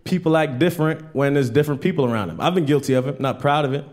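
A man's voice: fairly high pitch, very fast, darkish tone. A man doing a stand-up comedy set on stage, telling stories and acting out other people's voices. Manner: storytelling, acts out characters in raised voices. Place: comedy stage with live audience.

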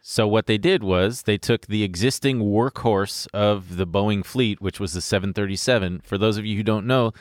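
A man's voice: on the low side, normal speed, hardly any pauses, dry recording, studio quality. A man co-hosting a podcast, talking casually and explaining at length with profane asides. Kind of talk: casual chat.

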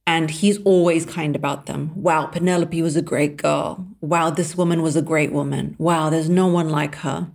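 A woman hosting a solo advice podcast, talking in an emphatic, blunt and sardonic way. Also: deep voice. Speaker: podcast host.

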